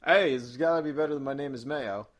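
A man's voice: medium pitch, quick pace, a loud crowd. A man co-hosting a podcast in casual chat, cutting in with playful jokes. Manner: playful, joking interjections. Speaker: podcast co-host.

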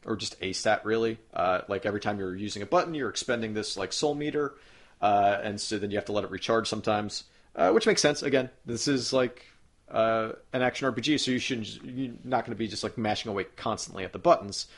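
A man's voice: on the low side, a little fast. A man in casual podcast chat, rambling enthusiastically as he retells a video game and swears casually.

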